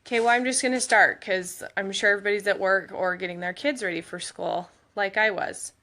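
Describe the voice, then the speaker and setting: Her voice is mid-range, steady and brisk, with a pushed, bright quality. As a mother of school-age kids, she updates her vlog followers on her husband in a rambling, storytelling way, laughing here and there.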